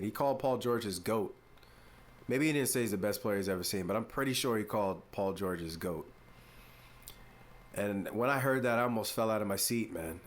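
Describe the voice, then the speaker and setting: A man hosting a sports podcast, giving casual, mock-exasperated opinion commentary with drawn-out, playful emphasis. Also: lowish voice.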